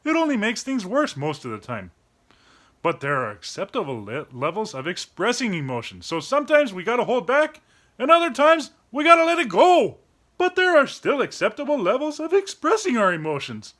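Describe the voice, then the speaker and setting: A man's voice: very high voice, huge pitch swings, moderate pace, fairly bright tone, heavily acted. A man voicing a playful young male dog who hosts a children's lesson on feelings, acting out each emotion with sudden cries. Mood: earnest explaining. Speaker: children's show host. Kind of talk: kids' educational explainer.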